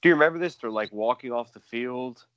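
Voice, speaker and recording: A man co-hosting a casual sports podcast, talking excitedly, repeating himself and mimicking players. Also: mid-range voice, fast, clean tone, no echo, lo-fi sound. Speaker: podcast co-host.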